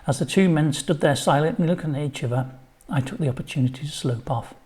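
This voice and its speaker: A man's voice: on the high side, fast talker, a little mellow. An older man reading his own children's story, chatty, with asides to the listener.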